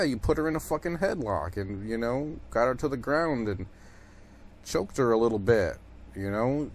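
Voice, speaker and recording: A man's voice: medium pitch, expressive, normal speed, a little hiss or hum. A man hosting his own podcast in a casual, rambling monologue, swearing often and filling gaps with "you know". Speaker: podcast host.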